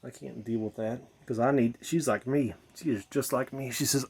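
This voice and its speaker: Tipsy male vlogger, mid-pitched voice, rambling, repetitive and profane musings, outdoors at night. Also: fairly even intonation, moderate pace, gravelly, darkish tone, husky. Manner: repetitive, swearing, musing aloud, addresses viewers as his children. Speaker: vlogger in a "Mother" persona. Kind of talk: rambling late-night monologue to camera. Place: outdoors at night beside a bar.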